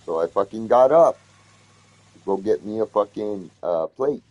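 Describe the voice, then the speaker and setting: A man telling a heated story in casual conversation, swearing constantly and getting loud when he retells arguments. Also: fairly low pitch, lively intonation, normal speed.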